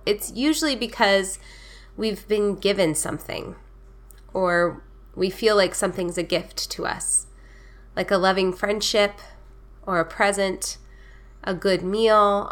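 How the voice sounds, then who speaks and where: A woman hosting a children's storytime podcast, talking in a gentle, friendly, unhurried way. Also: medium pitch. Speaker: podcast host.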